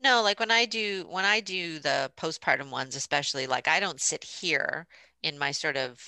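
A woman's voice: low voice, moderate pace, sharp tone, no room sound, poor audio. A woman co-hosting a podcast, telling stories in a blunt, joking, casual way. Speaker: podcast co-host, doula. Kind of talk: casual chat.

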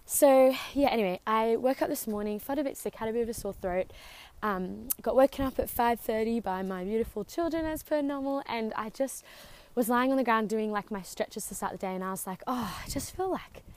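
A woman's voice: on the high side, fairly quick, a little mellow. A young woman hosting a casual faith podcast. She rambles chattily with lots of fillers and sounds out of breath from walking outdoors on her driveway. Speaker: podcast host.

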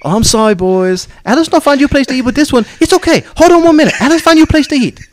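A man's voice: extremely high pitch, animated, rapid-fire, a little hiss or hum, voice pushed up. A man voicing a bubbly, sweet woman innkeeper who speaks broken English and talks about herself by name. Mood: chirpy.

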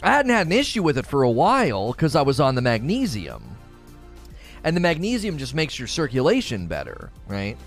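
A man's voice: mid-range voice, huge pitch swings, fairly quick, faint music behind. A man chatting casually on a livestream, reading chat messages aloud and telling rambling stories. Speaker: streamer.

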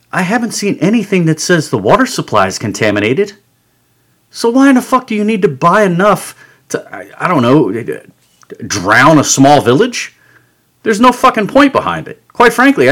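Profane, ranting male podcast host. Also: a little high. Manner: angry, sarcastic, swears constantly. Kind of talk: profane comedic rant. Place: home studio.

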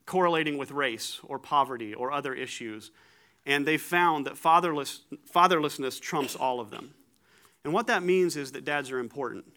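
Male preacher, conversational sermon, slightly high, bright forceful tone, self-deprecating humor. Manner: animated, joking, self-deprecating; repeats words when starting thoughts.

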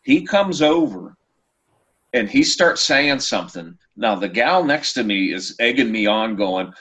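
A man hosting a casual chat show, telling a story with lively, acted-out quotes. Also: medium pitch, measured pace. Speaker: podcast host.

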